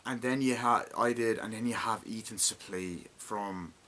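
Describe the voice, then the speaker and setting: A man's voice: lowish voice, normal speed, pushed and bright. A young man in his twenties giving a rambling, profanity-heavy casual movie review and acting out lines from the film. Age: 20s.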